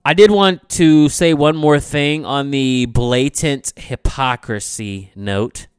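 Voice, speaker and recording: Smooth-voiced man rambling on a podcast. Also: medium pitch, dry recording, clean studio sound. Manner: loose, rambling, frequent "you know what I'm saying"; swings between loud bursts and quiet asides. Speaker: podcast host. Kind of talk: casual solo podcast chat.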